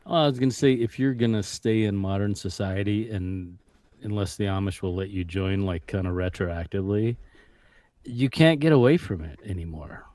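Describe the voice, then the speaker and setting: A man's voice: lowish voice, moderate pace, darkish tone, no room sound. A man on an online panel who speaks bluntly and matter-of-factly. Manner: blunt, matter-of-fact warnings. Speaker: panel guest. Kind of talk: casual panel chat.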